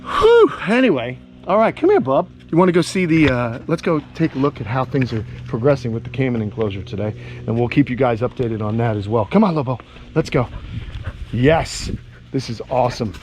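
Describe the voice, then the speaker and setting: A man's voice: medium pitch, lively intonation, a little fast, a little mellow, slight background noise. An enthusiastic man chatting casually in an outdoor vlog while walking around his animal camp. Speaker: animal keeper and vlogger.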